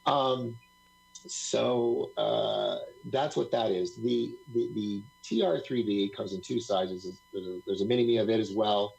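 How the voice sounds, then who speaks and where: A man's voice: fairly low pitch, a little slow, creaky, darkish tone, husky, poor audio. A man talking as a guest on a live talk stream, rambling through stories, laughing often and acting out what other people said.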